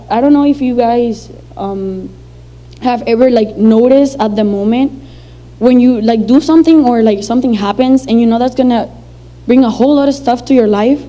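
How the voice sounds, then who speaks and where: A woman's voice: fairly high pitch, warm tone, rough recording. A young woman from Venezuela, telling a personal story to an audience in a chatty, filler-heavy way and acting out the dialogue. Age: young adult.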